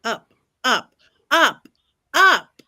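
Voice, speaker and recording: A woman with a high, swooping voice hosts a livestream in a playful, theatrical way. Her voice sounds dry and close. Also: very animated, drawn-out words, bright, forceful tone, dry recording. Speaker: host running the vote. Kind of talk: lively livestream hosting.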